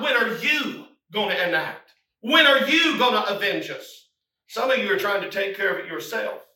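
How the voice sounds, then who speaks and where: A man preaching a sermon, swinging from hushed, low passages to shouted, climbing appeals. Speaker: pastor. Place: church sanctuary. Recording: echoey room, mic from a distance.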